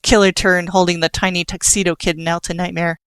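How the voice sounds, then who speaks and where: A woman reading an audiobook in a steady storytelling manner. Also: fairly low pitch, fairly quick, clear, resonant tone, no echo. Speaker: audiobook narrator. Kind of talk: scripted audiobook narration.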